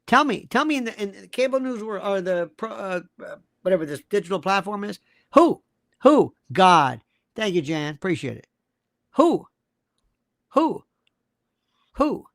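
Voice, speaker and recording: Male host, emphatic live-stream monologue, wide swooping delivery, gravelly edge. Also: high voice, unhurried, long pauses, no room sound, clean studio sound. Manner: animated, emphatic, repeats rhetorical questions.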